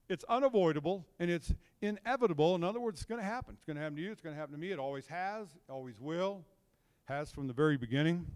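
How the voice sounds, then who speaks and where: Middle-aged guy giving a sermon, kinda high voice, super dry sound, tells stories and keeps asking "okay? right?". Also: a little mellow, no echo. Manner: conversational, draws the audience into call and response; storytelling, checks in with "okay?" and "right?". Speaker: counselor giving a church message.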